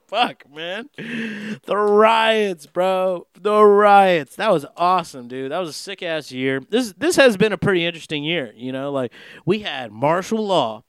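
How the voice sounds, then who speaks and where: A man's voice: sits high, clear, resonant tone, dry recording. A man chatting casually in a rambling, profane way, laughing through his story. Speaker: vlogger. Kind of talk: casual chat. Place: Los Angeles.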